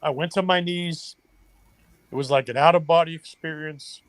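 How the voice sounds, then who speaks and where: A man's voice: a little high, steady tone, normal speed, no echo. An older man, a former baseball coach, earnestly telling a family story in a podcast interview. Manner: emotional, earnest storytelling with quoted dialogue. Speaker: guest, retired baseball coach.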